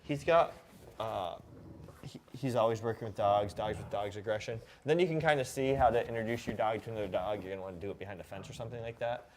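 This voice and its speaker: A man's voice: lowish voice, fast talker. Laid-back man reading viewer questions. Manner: relaxed, rambling, reads viewer questions aloud. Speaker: host. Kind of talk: casual live-stream chat.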